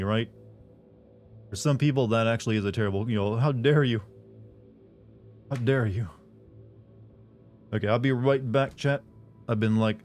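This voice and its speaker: A man's voice: lowish voice, a little mellow, clean tone. A man live streaming, chatting casually with his viewers in a sarcastic, joking, rambling way.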